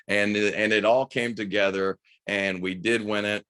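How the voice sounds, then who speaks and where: Enthusiastic low-voiced male coach. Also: steady tone, measured pace, sharp tone, clear, resonant tone, no echo. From United States. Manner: enthusiastic, reflective storyteller. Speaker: high school basketball coach and radio broadcaster. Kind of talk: podcast interview, telling a story.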